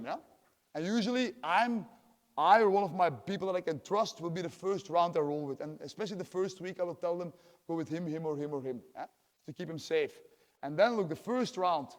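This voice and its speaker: A talkative male jiu-jitsu coach, a Dutch native speaker, explains technique to a class and keeps checking in with "yeah?". His voice sits a little high for a man. It rings with long reverb, as in a big training hall. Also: darkish tone. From Belgium. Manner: talkative, tags lines with "yeah?", acts out quotes. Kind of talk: teaching a class, casual explanation.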